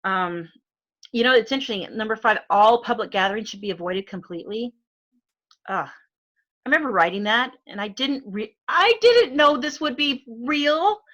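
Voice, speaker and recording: A middle-aged woman from Arizona, speaking with an Arizona accent, chats as a guest in an expressive, fairly high, slightly bright voice at a moderate pace. Casual in tone, she uses many fillers and laughs frequently.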